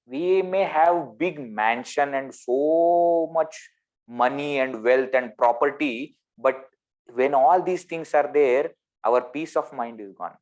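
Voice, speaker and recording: A man with an Indian English accent giving a spiritual discourse over a video call, animated and full of rhetorical questions. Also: medium pitch, slow. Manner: animated, rhetorical questions, swings between loud and soft. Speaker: spiritual teacher.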